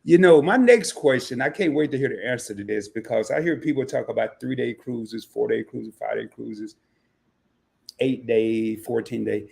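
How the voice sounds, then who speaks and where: A man's voice: mid-range voice, moderate pace, vocal fry, a little mellow. A man hosting a casual livestream interview, teasing his guest and laughing often. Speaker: livestream host.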